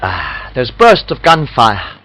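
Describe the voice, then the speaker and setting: A man reads his homemade fan story into a webcam, rambling, apologetic and correcting his own slips along the way. His voice is of middling pitch. The room sound is dry and close. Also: wildly swooping pitch, measured pace, pushed and bright, dry recording, rough recording. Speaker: amateur fan fiction reader. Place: home room.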